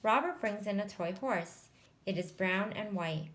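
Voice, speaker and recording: A woman's voice: medium pitch, normal speed. A woman reading a children's picture book aloud in a careful manner, explaining the meaning of words. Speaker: storybook reader.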